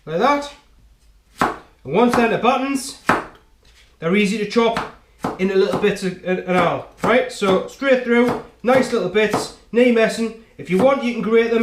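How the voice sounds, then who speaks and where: Chatty man in an echoey kitchen. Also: sits high. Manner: chatty, jokey, talks straight to the viewer with frequent "right?". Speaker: home cooking show host. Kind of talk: casual cooking demonstration. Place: home kitchen. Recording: echoey kitchen with faint noise.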